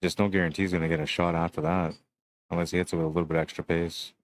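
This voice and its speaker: Speaking at a racing pace, a low-voiced man commentates a pool match live, calmly and chattily narrating every shot. In the gaps he welcomes stream viewers individually.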